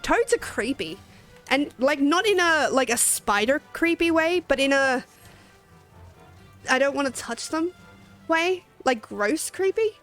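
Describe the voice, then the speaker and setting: A woman's voice: sits high, lively intonation, measured pace, fairly bright tone, soft background music. A young Australian woman streaming a game, rambling chattily, laughing often and swearing casually. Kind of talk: casual gaming stream chat.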